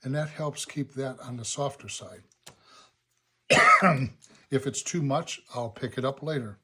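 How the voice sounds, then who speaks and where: A man teaching watercolor, talking calmly through each brushstroke of a painting demonstration and thinking aloud as he works. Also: mid-range voice, a little slow, slight background noise. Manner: relaxed, thinking aloud step by step. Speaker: watercolor instructor. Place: painting studio.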